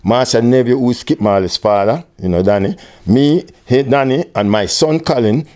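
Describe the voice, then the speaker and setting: An older Jamaican man telling an animated story in an interview, with patois phrasing, acting out other people's voices. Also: normal speed. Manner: animated storyteller, acts out quoted voices at high pitch. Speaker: interviewee, music tour manager.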